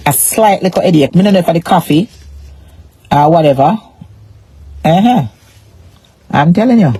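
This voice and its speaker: A Jamaican woman rambling through a casual live-stream rant, repeating herself and pressing every point. Her voice is husky and breathy, and it sits close and dry with no room sound around it. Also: lowish voice, dark tone, no echo. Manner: rambling, repetitive, emphatic. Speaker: social media personality.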